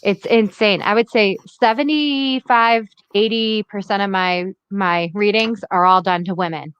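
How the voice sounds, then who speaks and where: A woman's voice: medium pitch, steady tone, a little slow, fairly bright tone, clear, resonant tone, lo-fi sound. A woman who reads tarot, chatting on a casual stream in a candid, blunt way with casual swearing. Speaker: tarot reader and co-host.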